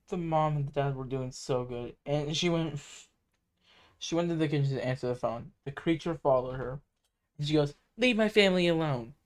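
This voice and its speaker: A man streaming and reacting casually, talking in an excitable, rambling way full of fillers. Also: a little high, normal speed. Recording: noisy home mic.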